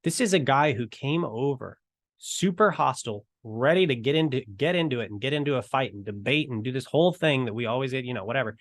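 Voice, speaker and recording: A man's voice: medium pitch, animated, no echo, studio quality. A man teaching evangelism in a casual talk to camera, acting out bits of conversation as he goes. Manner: conversational, acts out dialogue in quick asides.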